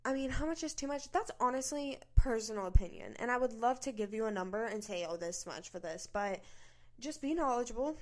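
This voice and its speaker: A woman hosting her own podcast, talking casually and candidly to listeners and swearing freely. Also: on the high side. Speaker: podcast host. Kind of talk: casual solo podcast chat.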